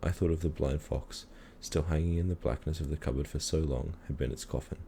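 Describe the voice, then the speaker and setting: A man calmly reading a children's story aloud in a measured storytelling manner. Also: a bass voice, gravelly, a little hiss or hum. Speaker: reader.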